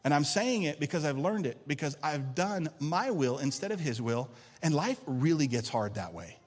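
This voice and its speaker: A man's voice: a little high, big pitch swings, moderate pace. Preaching man in a reverberant hall. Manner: preaching with rising and falling intensity, calling for amens. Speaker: pastor. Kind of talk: sermon. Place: church sanctuary.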